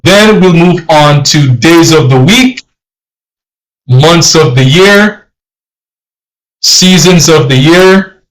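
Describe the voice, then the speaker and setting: A man acting as a language teacher, slowly and deliberately laying out a lesson plan and correcting himself along the way. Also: a little high, poor audio. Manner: slow, deliberate, self-correcting. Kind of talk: lesson overview.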